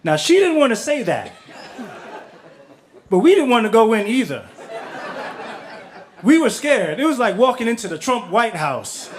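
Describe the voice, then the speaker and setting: A man's voice: very high-pitched, sing-song, unhurried, long pauses, background noise. A middle-aged man telling a story on stage, casual and profane, acting out the people he quotes.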